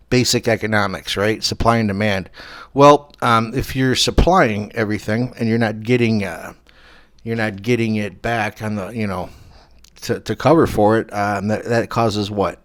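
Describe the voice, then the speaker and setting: A man hosting a comedy talk show, halting and full of ums and uhs. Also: lowish voice, a bit bright, no room sound. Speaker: host.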